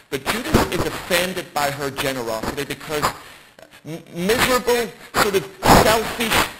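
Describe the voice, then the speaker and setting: A man's voice: on the high side, expressive, moderate pace. A man preaching a bible study sermon in an emphatic way, with rhetorical questions. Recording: loud background noise.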